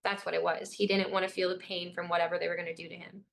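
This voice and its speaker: A woman's voice: on the low side, flat delivery, quick pace, vocal fry, slight background noise. A young woman from Illinois, a guest in an interview, giving an urgent, intense personal account.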